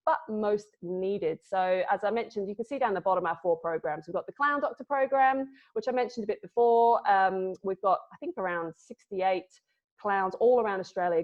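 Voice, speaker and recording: A woman from Scotland giving a playful, casual online talk as a clown presenter, full of dad jokes. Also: mid-range voice. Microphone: video call. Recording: lo-fi video call audio.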